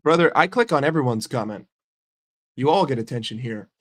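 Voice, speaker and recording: American male fan streamer, sarcastic, swears a lot, mid pitch. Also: expressive, brisk. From United States. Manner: sarcastic, profane, heated. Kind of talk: profane live-stream rant.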